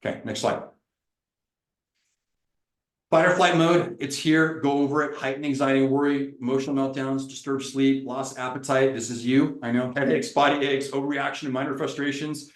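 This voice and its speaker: A man, a chiropractor, giving an energetic, preacher-like seminar presentation. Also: mid-range voice, normal speed, reverberant, low-quality recording. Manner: lively, preacherly, acts out little dialogues.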